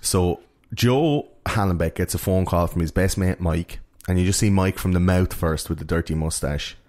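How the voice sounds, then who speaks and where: A man with a very low voice talks through a film in casual podcast chat. He rambles, restarts and leans on filler words as he retells scenes. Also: normal speed, darkish tone.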